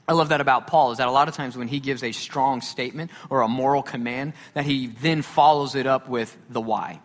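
A man preaching a sermon as pastor, talking in a conversational, animated way with joking asides. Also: mid-range voice, brisk. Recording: reverberant hall.

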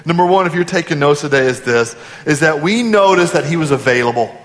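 A man preaching a sermon, his voice sitting fairly high for a man. He poses question after question to the congregation and sinks to a hushed tone on key points. The sound rings out with long reverb, as in a church sanctuary. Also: expressive, fairly quick. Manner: preaching with rhetorical questions, dropping to quiet emphasis. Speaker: pastor.

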